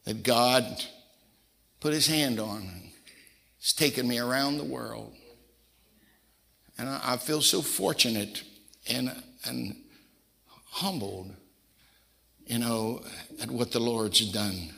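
An older man with a mid-range voice preaches a sermon in a reverberant hall, speaking slowly with vocal fry and long pauses in a pushed, bright tone. He tells folksy personal stories and acts out the voices of the people in them.

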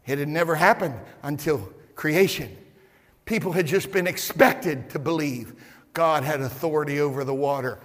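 A man preaching a sermon as pastor, shouting at times and repeating words as he builds. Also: a little high, moderate pace, big-room sound. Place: church.

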